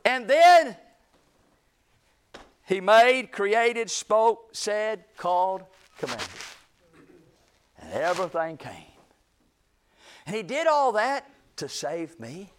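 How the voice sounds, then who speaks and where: Male pastor, high-pitched, slow sermon delivery with dramatic pauses and hushed drops. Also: sing-song, a little hiss or hum. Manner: preaching with dramatic pauses, swinging from loud to hushed; reads scripture aloud in a slow, deliberate cadence. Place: church sanctuary.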